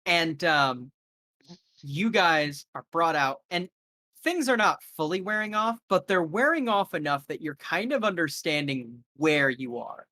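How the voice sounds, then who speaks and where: A man's voice: on the high side, lively intonation, unhurried, bright, forceful tone, dry recording, clean studio sound. A man serving as game master, narrating a horror scene in a loose style full of fillers.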